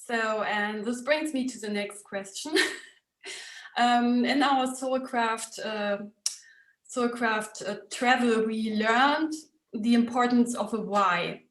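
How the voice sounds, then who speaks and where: A woman hosts an interview over a video call. Her voice sits a little high and sounds roomy and echoey. She asks her questions in a measured, hesitant way. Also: fairly bright tone. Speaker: interview host. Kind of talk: casual interview talk. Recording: echoey room.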